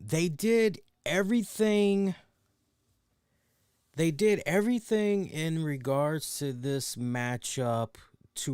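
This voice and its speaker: A man hosts a wrestling review show in loose, excitable chat, swearing freely and laughing at his own jokes. His voice is smooth and sits at a middle pitch. The sound is dry and close, with no room around it. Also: no room sound. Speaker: wrestling review podcast host.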